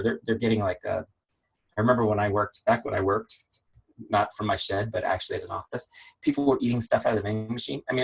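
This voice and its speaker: Husky-voiced man coaching a sales team. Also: fairly low pitch, poor audio. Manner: energetic, conversational, many rhetorical questions. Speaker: network marketing trainer. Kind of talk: team training call. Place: home office shed. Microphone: video call.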